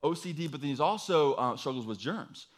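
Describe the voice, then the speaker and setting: A man's voice: fairly high pitch, expressive, brisk. Chatty joking young preacher man. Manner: chatty, joking, many fillers like "like" and "you know". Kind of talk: casual humorous sermon.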